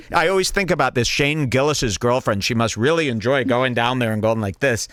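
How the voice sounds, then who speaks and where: A man hosting a podcast, giving sarcastic, animated commentary on a comedy clip. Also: mid-range voice, brisk, few pauses, dry recording. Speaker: podcast host.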